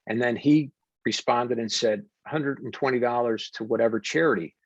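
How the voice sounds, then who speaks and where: A man's voice: medium pitch, husky, no echo. Earnest American man, dull dry audio. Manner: warm, deliberate storytelling with frequent fillers. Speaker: wellness coach and podcast guest. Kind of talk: earnest conversational interview.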